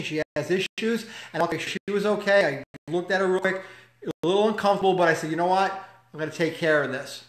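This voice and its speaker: A man's voice: high-pitched, a bit bright. A man giving a motivational talk, telling a personal story in an emphatic, conversational way with rhetorical questions. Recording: echoey room.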